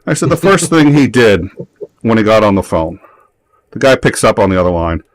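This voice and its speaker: Deep-voiced man telling a rambling story. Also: sing-song, normal speed. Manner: rambling, with many fillers and restarts. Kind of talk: casual storytelling chat.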